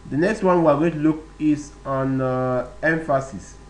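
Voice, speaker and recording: A man's voice: a little high, a little mellow, a little hiss or hum, low-quality recording. A man teaching web page basics in a screen-recorded tutorial, explaining step by step with many fillers and repeated phrases. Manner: slow, step-by-step, with frequent fillers and repetitions.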